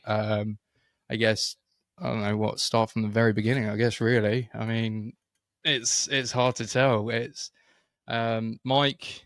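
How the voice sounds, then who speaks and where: A man's voice: lowish voice, a bit bright, dry recording, studio quality. A man with a British accent, co-hosting a casual podcast and telling a long story with many fillers and restarts. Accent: British English. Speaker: podcast co-host. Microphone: studio microphone.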